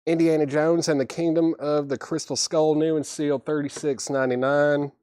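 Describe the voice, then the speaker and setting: A loud, drawn-out Southern drawl, as a man puts it on, rolling through record listings and prices. The impression is clumsy but eager, and the voice sits close and dry with no room around it. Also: fairly high pitch, little pitch movement, dry recording, close to an everyday voice. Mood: hamming. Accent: attempted Southern US drawl.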